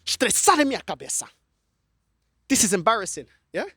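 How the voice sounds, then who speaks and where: High-pitched ranting man. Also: very animated, fairly quick, fairly bright tone, slightly rough, dry recording, clean studio sound. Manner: angry, ranting, slips into Portuguese. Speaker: football fan vlogger. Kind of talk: ranting fan reaction vlog. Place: outdoors in a car park. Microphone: camera held by a friend.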